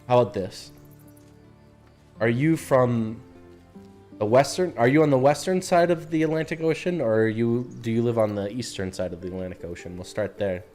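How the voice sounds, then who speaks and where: A man's voice: mid-range voice, darkish tone. An American man streaming a game, chatting casually in a laid-back, slangy way. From United States. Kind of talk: casual gameplay commentary.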